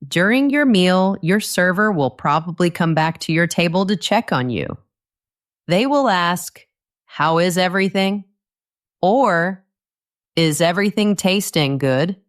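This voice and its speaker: A woman narrating a scripted English lesson, speaking clearly and patiently and acting out short dialogue lines. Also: fairly low pitch. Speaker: English teacher.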